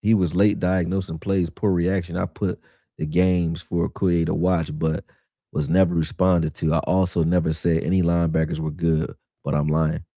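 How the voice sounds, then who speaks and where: Man, livestream host, gravelly lowish voice, dry close sound, animated and argumentative. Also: moderate pace, dry recording. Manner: animated, argumentative, reads and answers chat. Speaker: livestream host breaking down football film. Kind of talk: casual live film breakdown.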